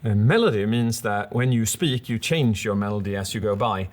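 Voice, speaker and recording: A man's voice: fairly low pitch, moderate pace, a little mellow. A man co-hosting a casual commentary, analysing a speech with enthusiasm and acting out examples with his voice. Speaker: public speaking coach, co-host.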